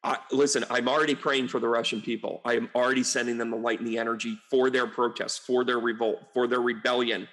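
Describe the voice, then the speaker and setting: Talking fast and barely pausing, a man with a mid-range voice, who works as a psychic medium, runs through casual political commentary. It's a rambling, lively monologue stuffed with asides, sarcastic quotes and frustrated outbursts.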